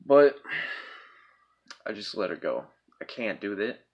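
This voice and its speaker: A man's voice: lowish voice, big pitch swings, measured pace, vocal fry, slightly rough, highs cut off. Rambling, foul-mouthed young man. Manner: profane, rambling, checks in with 'right?' and 'bro'. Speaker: storyteller. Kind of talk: casual storytime.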